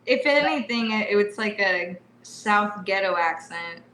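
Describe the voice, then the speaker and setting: A woman from Washington state co-hosting a casual chat, bubbly and quick to laugh. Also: medium pitch, lively intonation, sharp tone, reverberant, slight background noise, low-quality recording. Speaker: co-host.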